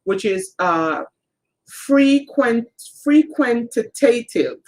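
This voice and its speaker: A woman co-hosting a live-streamed talk on a spiritual channel explains things emphatically, speaking straight to viewers. Her fairly high voice is a little mellow, with lively intonation and drawn-out words.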